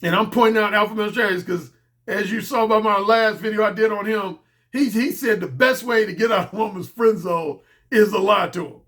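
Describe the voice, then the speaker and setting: Male dating coach, high forceful voice, blunt and profane, hammers points by repeating them. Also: fairly quick. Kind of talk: blunt casual monologue.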